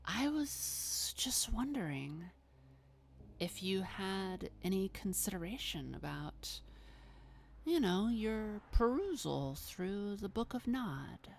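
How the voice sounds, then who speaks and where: A woman voicing a cryptic, coaxing female vampire who talks in a soft, half-whispered, drawn-out way. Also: medium pitch, very animated, gravelly, a little hiss or hum, exaggerated voice.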